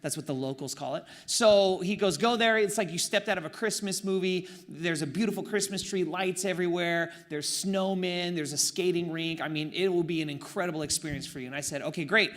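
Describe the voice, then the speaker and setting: Bright-voiced young man telling a sermon story. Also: high voice, a little fast, few pauses. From East Bay of San Francisco, Oakland. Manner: animated, self-mocking storyteller with sarcastic asides. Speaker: pastor.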